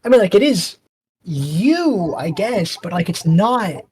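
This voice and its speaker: A man co-hosting a podcast, retelling a video game's story in a loose, rambling way with quick mock voices and frequent laughs. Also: sits high, sing-song, a little mellow, a little hiss or hum. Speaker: podcast co-host. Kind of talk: casual podcast chat.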